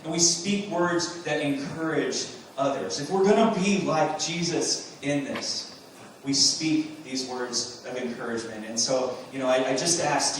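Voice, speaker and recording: A man's voice: fairly high pitch, slight background noise. A man preaching a sermon as pastor, earnest, with rhetorical questions and emphatic bursts. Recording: very echoey room, mic from a distance.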